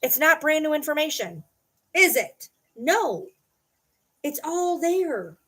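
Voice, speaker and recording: A woman's voice: high-pitched, big pitch swings, slow, sharp tone. A middle-aged woman hosting her own vlog, talking casually and ranting at viewers in an indignant, sarcastic, challenging way. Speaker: channel host.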